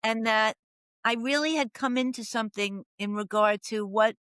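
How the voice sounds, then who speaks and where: A woman's voice: fairly high pitch, normal speed, fairly bright tone, smooth, dry recording. An older woman telling her story as a podcast guest, dramatic, acting out the voices she quotes. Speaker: podcast guest, professional coach. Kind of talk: storytelling interview.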